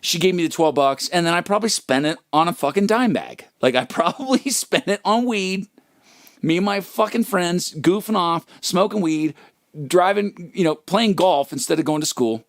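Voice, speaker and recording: A man's voice: high-pitched, normal speed, no room sound, clean studio sound. A man hosting a livestream, telling a rambling, profane, self-mocking story in a casual comic way. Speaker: livestream host and musician.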